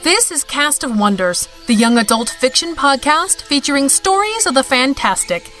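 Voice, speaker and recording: A woman podcast host introducing the show in a welcoming, announcing style. Her voice is high and swoops animatedly, with faint music playing behind her. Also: big pitch swings, normal speed, fairly bright tone.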